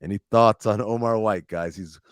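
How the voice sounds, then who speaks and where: A man hosting a podcast, retelling TV episodes in a casual, profane, animated way with plenty of quoted dialogue. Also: fairly low pitch, moderate pace, dry recording. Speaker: podcast host recapping a TV series. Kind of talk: casual recap chat with friends.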